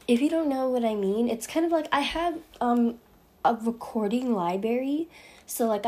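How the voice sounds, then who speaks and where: A woman's voice: fairly high pitch, dark tone. A young woman hosting a podcast, bubbly and giggly, who stumbles over her words and restarts her intro again and again. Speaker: podcast host. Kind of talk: casual blooper reel of podcast intros.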